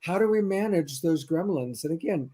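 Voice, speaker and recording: A man's voice: fairly high pitch, animated, normal speed, warm tone. A male show host asking questions in a chatty, complimentary way. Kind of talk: conversational interview.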